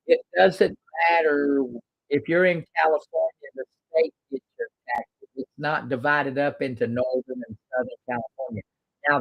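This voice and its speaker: A man's voice: a little high, gravelly, slightly rough, muffled recording. A man hosting a casual live-stream, bluntly explaining legal questions to viewers. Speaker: host answering legal questions.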